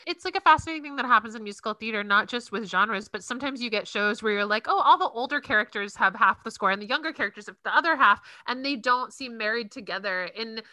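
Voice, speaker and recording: A woman's voice: on the high side, fast talker, few pauses, bright, forceful tone, no echo. A woman co-hosting a casual podcast chat, speaking in a thoughtful, agreeable way. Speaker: podcast co-host. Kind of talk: casual chat about musical theatre.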